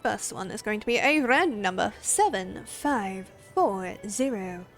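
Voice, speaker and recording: A young woman from Australia streaming a game, chatting casually with viewers, excitable, laughing often and swearing freely. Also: medium pitch, a little slow, soft background music. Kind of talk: casual live-stream chat.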